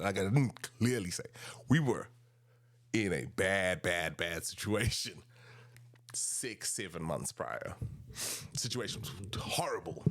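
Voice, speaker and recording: A man in his thirties with a South African accent, rambling and animated as he tells casual stories about his past. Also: fairly low pitch. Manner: rambling, animated, restarts often. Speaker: podcast host. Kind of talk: casual storytelling monologue.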